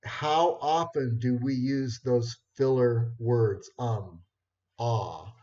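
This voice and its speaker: A man giving an informal talk on networking skills, unhurried, with many fillers and restarts. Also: medium pitch, darkish tone. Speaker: networking presenter. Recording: dull lo-fi recording.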